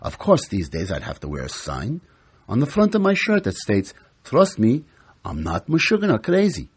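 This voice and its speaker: Man playing a husky, kvetching old psychiatrist. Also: medium pitch, darkish tone, exaggerated voice. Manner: kvetching, exasperated rant with Yiddish words. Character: exasperated older male psychiatrist, grumbling grandfather. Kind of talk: comic stage monologue.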